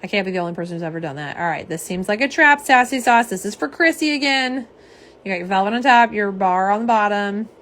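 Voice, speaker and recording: A young woman hosting a casual live stream, slightly hoarse, chatty and self-deprecating as she talks to viewers. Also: mid-range voice, expressive, quick pace, fairly bright tone. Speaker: live stream host showing nail polish swatches.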